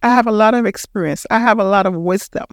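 A woman's voice: medium pitch, fast, dry recording, studio quality. A woman in her sixties with a Panamanian accent, hosting a podcast and giving an emphatic motivational talk that repeats its points for emphasis. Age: 60s. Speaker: podcast host.

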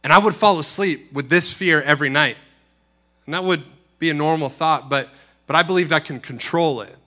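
A man preaching a sermon, telling a personal story earnestly, dropping to a hush and rising again. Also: a little high, normal speed. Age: adult. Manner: earnest storytelling, swings from hushed to loud. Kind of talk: sermon testimony.

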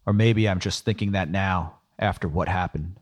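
A man's voice: low-pitched, normal speed. A man giving wry, world-weary first-person noir audiobook narration.

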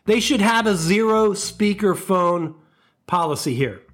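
A man hosting a comedy podcast, ranting in an animated, profane, mock-outraged monologue into a close mic. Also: high-pitched, a little slow.

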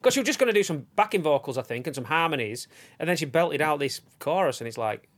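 A man's voice: on the high side, expressive, fast talker. A man, co-hosting a podcast in casual chat, rambling and laughing often. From England. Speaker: podcast co-host. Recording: noisy room with a train passing outside.

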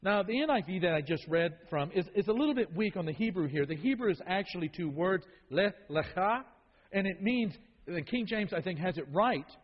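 A man with a high-pitched, expressive voice teaches a Bible study like a sermon, talking a little fast. He is emphatic and repeats key phrases to give them weight. The recording sounds dull and lo-fi, with a long hall reverb.

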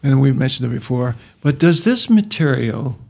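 A man hosting a relaxed discussion, wandering through his stories with frequent restarts. His voice is gravelly and husky, sitting at an ordinary middle pitch. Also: normal speed. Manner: rambling, many restarts, tells jokes and anecdotes. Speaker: podcast host. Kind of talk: casual discussion.

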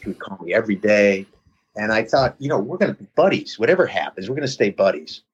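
A man's voice: fairly low pitch, quick pace, breathy edge, muffled recording. A man guest rambling through a personal story in casual chat, often stopping and restarting. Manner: rambling, self-interrupting, animated impressions.

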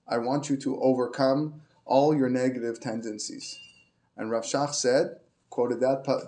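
A man gives an informal Torah class woven in. He halts and restarts often but grows animated as he tells stories. His voice sits at a middle pitch. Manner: halting, many restarts, animated when telling stories. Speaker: Torah teacher.

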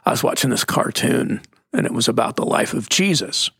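A man co-hosting a faith talk, telling stories in a casual, emphatic preaching manner with a gravelly voice. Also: medium pitch, expressive, brisk, fairly bright tone, no room sound, studio quality. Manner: storytelling, emphatic.

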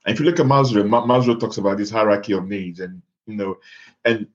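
A man's voice: fairly low pitch, fast talker, lo-fi sound. A man from Africa, a podcast guest, telling stories in an earnest, emphatic way and asking rhetorical questions. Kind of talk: storytelling in conversation.

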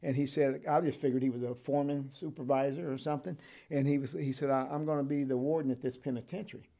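An older retired correctional officer tells his story in an interview, his mid-range voice creaky and warm with fairly even intonation. He talks fast and rambles, full of ums and restarts, and laughs often.

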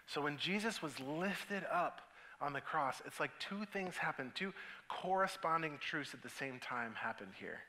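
A man preaching a sermon as pastor, telling stories in an animated way with acted asides. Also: a little high, moderate pace, poor audio.

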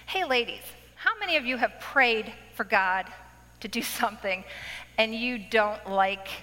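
A woman giving a testimony talk to a women's audience, dramatic and laughing often, acting out her past self in sudden high outbursts. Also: measured pace, bright, forceful tone. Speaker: speaker addressing a women's audience. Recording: echoey hall with faint noise.

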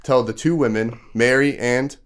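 A man's voice: mid-range voice, fairly even intonation, normal speed, smooth. A male podcast host casually retelling a Bible story to children, full of fillers and often stopping to quiz them. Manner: casual, asks the kids questions; loose storytelling with many fillers.

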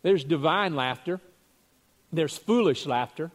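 A man's voice: on the high side, animated, measured pace. A man, the pastor, giving a conversational sermon, telling stories with chuckles and repeating words as he goes.

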